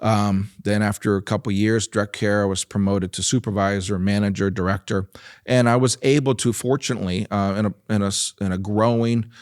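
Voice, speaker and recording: A man in his fifties, a nonprofit leader, telling stories in a relaxed interview with easy laughs and filler words. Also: lowish voice, no room sound, studio quality. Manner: warm storytelling with frequent laughs and fillers. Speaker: nonprofit president and guest.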